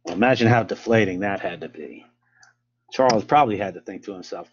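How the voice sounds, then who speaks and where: A man's voice: lowish voice, a little fast, slightly rough, dull audio. An American man presenting a casual history lesson, rambling with many filler sounds and restarts.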